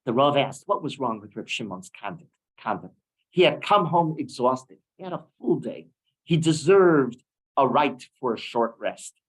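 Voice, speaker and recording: A man's voice: fairly high pitch, breathy edge, poor audio. A man teaching a weekly Torah class, asking rhetorical questions and mixing in Hebrew terms. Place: synagogue room.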